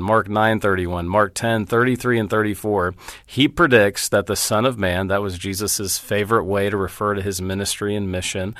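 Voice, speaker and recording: A man's voice: fairly low pitch, a bit bright, no echo, clean studio sound. A middle-aged man, a Bible teacher, speaking as a guest in an interview, earnest and storytelling as he walks through scripture references. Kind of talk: interview conversation.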